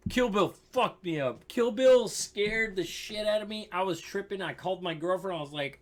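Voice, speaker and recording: A man's voice: a little high, normal speed. A young man casually telling a rambling, profane story on his stream, with lots of fillers and restarts.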